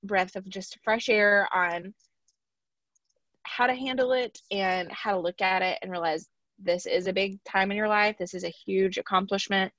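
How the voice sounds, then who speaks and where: A woman's voice: mid-range voice, fairly even intonation, moderate pace, a bit bright, no room sound, dull audio. A woman hosting a podcast, chatting in a rambling, easygoing way and laughing easily. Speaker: podcast host. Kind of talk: casual chat.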